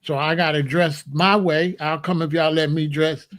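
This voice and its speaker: A man's voice: on the high side, flat delivery, moderate pace, fairly bright tone. A man hosting a comedic monologue, preachy and full of rhetorical questions. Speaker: comedian host.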